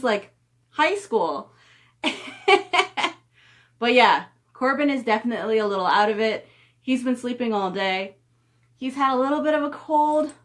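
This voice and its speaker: A middle-aged woman chatting casually on a live stream from home, reading viewer comments aloud and cooing at her dog. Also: fairly high pitch. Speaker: author hosting a live stream.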